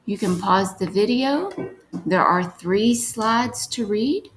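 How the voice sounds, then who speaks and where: A young woman teaching a recorded phonics lesson, dictating sentences slowly and sounding out words with care. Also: mid-range voice, expressive, a little hiss or hum, low-quality recording. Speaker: reading teacher.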